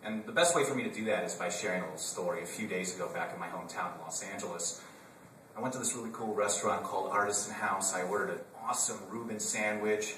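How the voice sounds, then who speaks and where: A man's voice: lowish voice, fast, fairly bright tone, slight background noise. A man from Wisconsin giving a humorous political talk to a live audience, conversational and full of joking asides. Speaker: conference speaker. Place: conference room with an audience. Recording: roomy hall from a distance.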